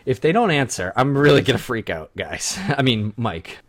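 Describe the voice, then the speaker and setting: A male podcast host joking his way through a movie with playful mock panic. His pitch swings widely as he talks. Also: moderate pace. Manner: jokey, mock-panicked, animated. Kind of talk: casual movie commentary chat.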